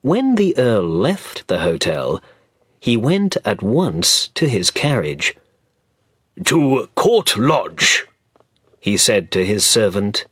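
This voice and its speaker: A man reading a storybook aloud, slow and clear for learners. His low, husky voice rises and falls with lively expression, and the sound is dry and close to the mic. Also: no room sound. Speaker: audiobook narrator. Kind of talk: scripted storybook narration.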